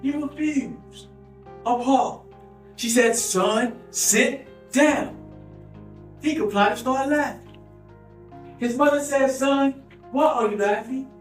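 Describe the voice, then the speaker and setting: A man's voice: extremely high pitch, slow pace, long pauses, faint music behind, voice pushed up. A man giving a stagey, sing-song speech at a speech club, sounding like a lullaby. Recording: old clip, roomy and distant.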